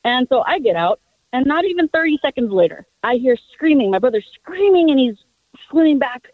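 Fast-talking woman caller on a tinny phone line. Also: sits high, very animated, dry recording. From Texas. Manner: eager, rushing storyteller. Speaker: radio caller. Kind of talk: telling a personal story on air.

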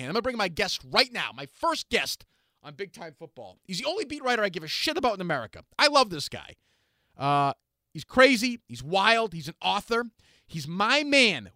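A man hosting a sports radio show, loud and jokey, swinging between shouted bits and low asides. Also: very animated, normal speed, no echo, studio quality. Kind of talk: brash comedic radio banter.

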